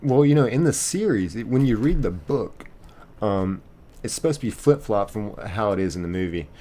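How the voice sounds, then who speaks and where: A man's voice: fairly low pitch, lively intonation, moderate pace, dark tone. A man streaming a game live, reading chat aloud and rambling casually with lots of fillers and restarts.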